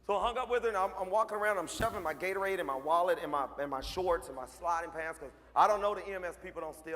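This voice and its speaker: High bright-voiced man telling stories in a hall. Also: very fast, hardly any pauses. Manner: animated, acts out voices and shouts. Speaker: motivational speaker. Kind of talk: comic storytelling speech to a live audience.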